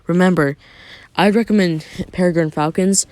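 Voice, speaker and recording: A man's voice: sits high, normal speed, a little mellow, clean tone, no echo, natural voice. A man voicing a polite, chatty male bird spirit in a fan story. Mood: friendly.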